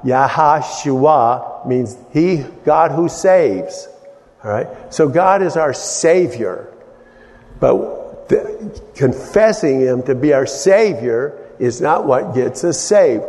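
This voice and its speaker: A man preaching a Bible-teaching sermon, explaining in a halting way with many restarts and fillers. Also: medium pitch, expressive, darkish tone, long reverb tail.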